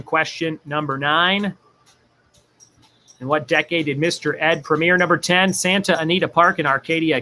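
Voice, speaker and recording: A man's voice: a little high, pushed and bright, slight background noise. A man hosting a casual livestream trivia game, joking, laughing often and reading viewer chat aloud.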